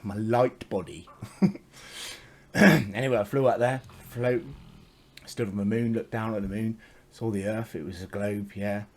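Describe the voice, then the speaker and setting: A man's voice: on the low side, fairly even intonation, measured pace. A man telling a spiritual story in a casual, meandering monologue, swearing freely and chuckling often.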